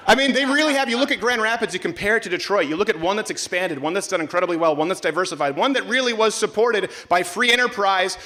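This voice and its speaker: Man, live show host, high lively voice, bright tone, brash comedic riffing to a crowd. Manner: brash, mocking, jokey. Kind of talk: comedic political stand-up to a crowd. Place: live event before a student audience.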